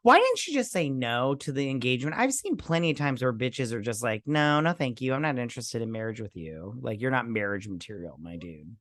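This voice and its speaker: Rambling, animated man co-hosting a boozy review. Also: medium pitch, fairly quick, few pauses, no room sound, clean studio sound. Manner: rambling, profane, acts out quotes in raised voices. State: drinking while talking. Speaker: podcast co-host. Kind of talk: casual movie review chat.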